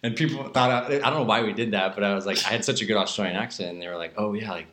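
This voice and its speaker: A young man from Southern California, a podcast guest, tells stories in a loose, rambling way. His voice sits a little low but sounds bright and forceful. The room gives it a roomy echo. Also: racing. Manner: relaxed rambling storyteller, laughs often. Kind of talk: casual podcast chat.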